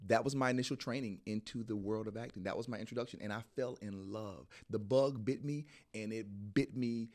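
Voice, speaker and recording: A man, an actor and podcast guest, telling a casual story in an interview, lively and prone to restarts. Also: fairly low pitch, a little fast, few pauses. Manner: animated storyteller, voices other people in quotes, frequent restarts.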